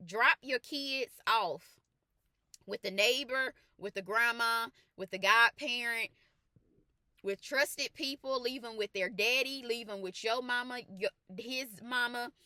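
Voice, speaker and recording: A woman who works as a faith life coach, telling a personal testimony in an animated, colloquial way that turns to earnest preaching with repeated emphatic phrases. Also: fairly high pitch, a little slow, dry recording, studio quality.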